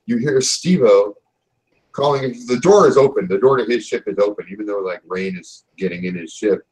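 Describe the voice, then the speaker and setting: A man narrating a tabletop game as game master, telling the scene in a relaxed, casual way. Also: lowish voice, a little fast, rough recording. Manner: relaxed storytelling with casual fillers.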